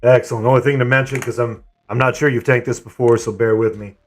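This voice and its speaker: A man streams and leads an online game raid, talking in a relaxed, rambling way with plenty of fillers. His voice is mid-pitched. Faint music plays behind him. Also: fast talker. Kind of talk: casual storytelling and game raid calls.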